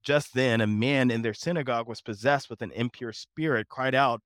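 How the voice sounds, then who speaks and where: A man's voice: mid-range voice, normal speed, fairly bright tone, dry recording, studio quality. A man co-hosting a Bible lesson discussion, talking in an earnest, emphatic, preacherly way. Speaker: co-host of a Bible study show.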